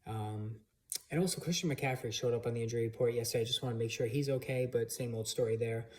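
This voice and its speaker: On his own channel, a man delivers casual fantasy football opinions from his home computer, frequently restarting and using plenty of fillers. His voice is mid-range and he speaks fast.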